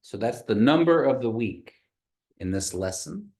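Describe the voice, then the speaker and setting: A man teaching an online language class over a video call, patiently repeating words slowly for learners. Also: mid-range voice, lively intonation, a little mellow.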